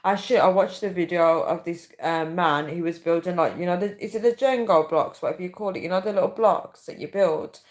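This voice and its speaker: A woman's voice: fairly low pitch, fairly quick, hardly any pauses. Casting: young woman, chatty livestream host, breaks into shrieking laughs. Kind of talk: casual livestream chat reading comments.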